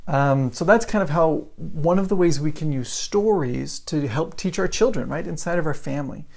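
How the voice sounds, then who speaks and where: A man in his forties teaching English in a relaxed live stream. He talks in a chatty storytelling way and keeps checking in with listeners. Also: a little high, moderate pace, creaky. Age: 40s. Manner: chatty storytelling, often asks "right?". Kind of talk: live-streamed lesson, greeting viewers.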